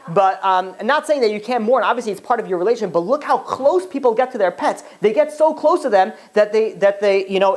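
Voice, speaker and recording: A rabbi giving an informal Torah class. He talks in a rambling, animated way, full of asides and acted-out bits of dialogue. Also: sits high.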